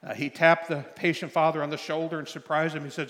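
A man's voice: fairly high pitch, flat delivery, fast talker, hardly any pauses, fairly bright tone. Folksy older male preacher, reverberant hall. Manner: folksy storytelling with frequent fillers and restarts. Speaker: pastor. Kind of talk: sermon.

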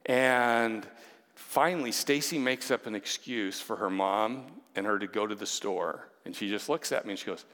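A man's voice: on the low side, moderate pace, fairly bright tone. Chatty man telling a story in a hall. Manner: chatty, self-deprecating, with many asides. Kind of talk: personal storytelling to an audience. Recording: long hall reverb.

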